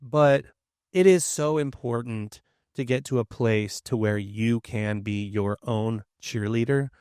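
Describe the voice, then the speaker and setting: Male podcast co-host, earnest and encouraging, mid-pitched voice, dry close mic. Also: slow, darkish tone, clean tone, dry recording. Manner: earnest, encouraging, explains at length. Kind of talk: casual conversational podcast chat.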